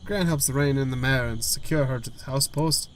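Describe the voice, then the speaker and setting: A man's voice: medium pitch, normal speed, a little hiss or hum. A man hosting a gaming video, reading a story game aloud with stumbles, restarts and side comments.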